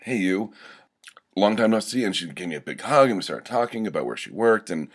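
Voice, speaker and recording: A man's voice: lowish voice, very animated, a little fast, husky. A young man telling a personal story in a wry, sardonic monologue, full of fillers and restarts.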